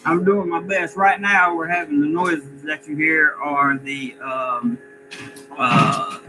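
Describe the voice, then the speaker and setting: A man's voice: on the high side, steady tone, slow, over music, poor audio. A man casually reading viewer comments aloud and answering them on a live stream from his rental home. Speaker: vlogger reading live chat. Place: rental home with contractors working.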